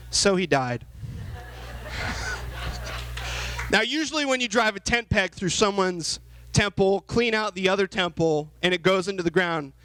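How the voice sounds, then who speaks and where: Young guy youth pastor, pretty high voice, dry close mic, keeps asking the kids questions. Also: no echo, low-quality recording. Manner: lively, asks the audience questions, acts out the characters. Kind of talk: youth sermon.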